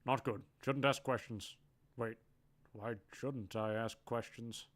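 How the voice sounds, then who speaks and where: A man's voice: medium pitch, fairly even intonation, slow pace, a bit bright. A man voicing a lonely armored warrior in a helmet, who blurts out hesitant, stiff lines. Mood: anxious.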